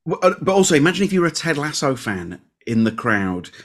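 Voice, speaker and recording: A man's voice: a little high, sing-song, fast. A man co-hosting a comedy podcast, chatting casually and reading out listener emails with self-deprecating asides. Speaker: podcast co-host.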